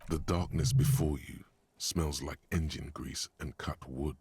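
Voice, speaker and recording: An actor as a detached, omniscient video game narrator with measured, literary delivery. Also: male voice, very deep voice, steady tone, darkish tone, husky, heavily acted.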